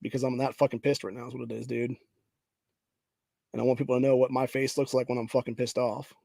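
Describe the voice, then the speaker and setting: A male podcast host vents in a furious, profane rant, tacking "dude" onto his lines. His voice sits at an ordinary middle pitch. The recording is dry and close, with no room sound. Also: flat delivery, fast, creaky, dark tone, dry recording. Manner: profane, repeats "dude", ranting; reads headlines aloud. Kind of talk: angry political rant.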